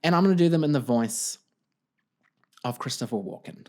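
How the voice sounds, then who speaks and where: A man's voice: mid-range voice, expressive, normal speed, pauses often, a little mellow. A man hosting a casual solo podcast, rambling and self-deprecating, talking into a desk mic at home. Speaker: podcast host. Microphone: desk mic, wearing headphones.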